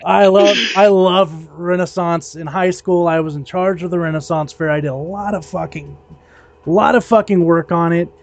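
A man's voice: sits high, moderate pace, highs cut off. A man chatting casually who breaks into a heated, swearing rant. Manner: ranting, heated, heavy swearing. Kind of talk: casual chat.

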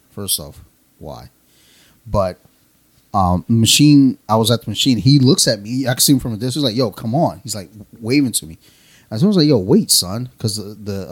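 A man co-hosting a casual podcast, telling a profane, laugh-filled story with slang. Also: deep voice. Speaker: podcast co-host.

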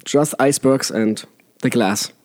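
A man's voice: mid-range voice, unhurried, darkish tone, no room sound, clean studio sound. A man with a German accent, a water sommelier guest explaining tastings in casual podcast chat. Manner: enthusiastic, explanatory.

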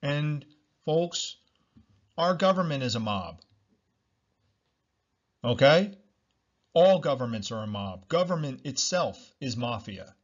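A man's voice: medium pitch, expressive, takes it slowly, pauses often, muffled recording. A man hosting a solo podcast, talking bluntly, repeating himself and swearing freely. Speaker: podcast host.

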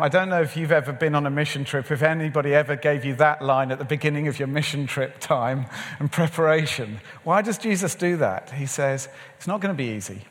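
A middle-aged man delivers a sermon in an easy, storytelling manner, acting out bits of conversation along the way. His voice sits a little high for a man. The sound rings out with a long reverb, as in a large hall. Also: a bit bright. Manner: conversational storytelling with acted-out dialogue. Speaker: preacher. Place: large church or event hall.

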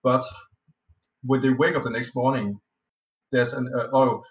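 A man's voice: mid-range voice, flat delivery, unhurried, highs cut off. A man, a native Danish speaker, chatting casually as a podcast guest, rambling through a tabletop game anecdote with lots of fillers, restarts and swearing. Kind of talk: casual storytelling chat. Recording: roomy echo, slightly off-mic.

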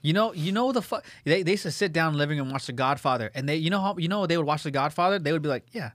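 A young man co-hosting a podcast, ranting in an animated way and swearing heavily in casual banter. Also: on the high side, racing, no echo, clean studio sound. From Italian-American family. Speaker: podcast co-host.

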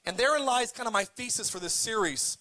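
A man's voice: high voice, expressive, brisk, bright, forceful tone. A man preaching a sermon as pastor, cracking jokes, retelling scripture casually and having the congregation repeat words back. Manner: joking, leads the congregation in call-and-response.

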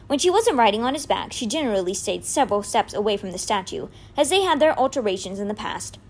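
A woman reading a children's novel aloud as an expressive storyteller. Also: mid-range voice, fast talker. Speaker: reader.

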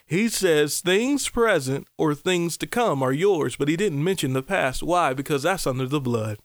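A man preaching a podcast sermon, animated, with loud exclamations, soft asides and repeated calls to his listeners. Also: fairly high pitch, measured pace, no room sound, studio quality.

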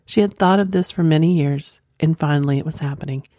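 A woman narrating an erotic story in a soft, sensual manner. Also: low-pitched, a little fast, dry recording, clean studio sound.

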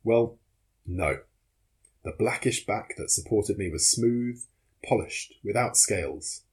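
Husky low-voiced male audiobook narrator. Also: slow, a little mellow. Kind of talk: audiobook reading of a classic novel.

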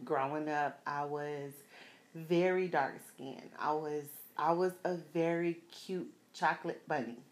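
Speaking a little slowly in a deep voice, this South Florida woman in her thirties addresses viewers directly with a casual personal story, full of slang and frequent laughter.

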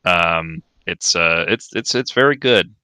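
A man co-hosting a casual card game chat, halting and full of fillers as he explains cards. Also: low voice, expressive, bright, forceful tone, clean tone, dry recording. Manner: halting, with many fillers and repeated words. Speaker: podcast co-host.

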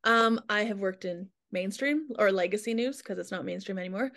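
A woman's voice: mid-range voice, brisk, gravelly, a bit bright. A woman hosting a podcast in a casual, chatty way, joking at her own expense. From Alberta, Canada. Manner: chatty, self-deprecating, emotional at times. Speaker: podcast host.

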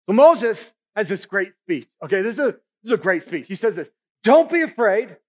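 A man's voice: high voice, animated, fairly quick, a little mellow. A male pastor preaching a sermon in a conversational way, often checking in with the congregation with "right?" and "okay?".

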